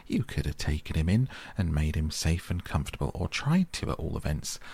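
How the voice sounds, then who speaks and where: A man voicing a cheerful, bold male otter who tells a lively story. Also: a bass voice, fairly quick, creaky, husky, heavily acted.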